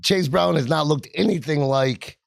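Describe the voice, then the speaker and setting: A man's voice: fairly high pitch, moderate pace, gravelly, no echo. A man co-hosting a casual fantasy football chat, rambling and correcting himself. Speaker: podcast co-host.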